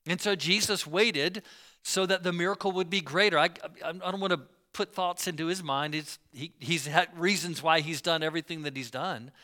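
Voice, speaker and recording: Bright, clear-voiced storytelling pastor. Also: male voice, fairly high pitch, normal speed. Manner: storytelling preacher who acts out the people in the story; casual asides to the congregation. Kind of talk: sermon.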